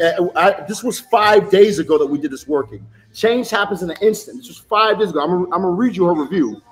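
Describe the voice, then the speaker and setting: A man chatting casually on a live stream as a tarot reader, pitching spells in a loose, salesy way full of fillers. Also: rough recording.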